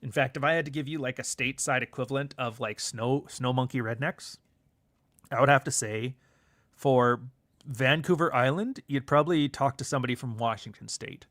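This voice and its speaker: A man's voice: mid-range voice, moderate pace, a bit bright, no room sound, clean studio sound. Rambling Canadian man on a livestream. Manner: rambling, profane, reads chat aloud. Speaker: livestream host. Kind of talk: casual livestream chat.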